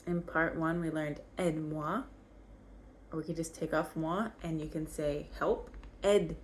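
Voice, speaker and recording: A woman's voice: deep voice, darkish tone, a little hiss or hum. A young woman teaching basic vocabulary, patiently repeating each word so learners can follow along. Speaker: French teacher. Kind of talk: slow vocabulary lesson.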